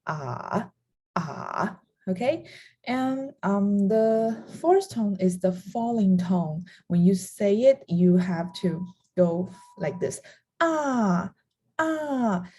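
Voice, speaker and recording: A young adult woman whose first language is Chinese leads a beginner lesson, speaking slowly in a soft, husky voice. She stops to voice each tone aloud as she explains it. Her tone stays low and mellow. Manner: demonstrates tones by voicing sounds, with laughs. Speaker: language teacher.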